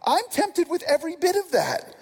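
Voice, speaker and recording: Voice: very high-pitched, huge pitch swings, normal speed. A pastor giving an earnest, conversational sermon, often restarting words as the points build.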